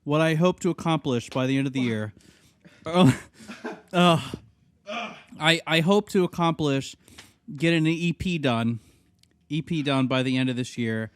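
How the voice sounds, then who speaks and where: A man's voice: on the high side, unhurried, long pauses, clean tone. A man co-hosting a podcast, chatting casually with an easygoing, joking manner. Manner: jokey, easygoing banter. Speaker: podcast co-host. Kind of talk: casual chat.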